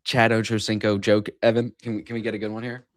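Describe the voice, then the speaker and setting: A man's voice: on the low side, flat delivery, fast talker. A man trading on a live stream, rambling and joking crudely while teasing his co-hosts. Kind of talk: casual crude banter.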